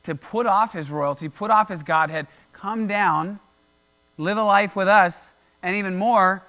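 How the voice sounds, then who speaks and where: A man preaching a relaxed sermon, telling a Bible story in modern slang and voicing each character. His voice sits high and sounds bright and forward. A low electrical hum runs under the recording. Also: a little slow. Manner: animated storyteller acting out biblical characters in everyday slang. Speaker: pastor. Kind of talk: casual conversational sermon.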